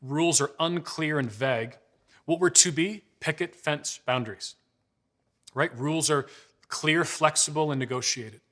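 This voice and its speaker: A man in his forties with a bright, forceful, fairly high voice gives a talk with slides. He tells conversational stories and acts out the dialogue in them. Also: measured pace. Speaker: parenting speaker. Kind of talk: presentation with slides.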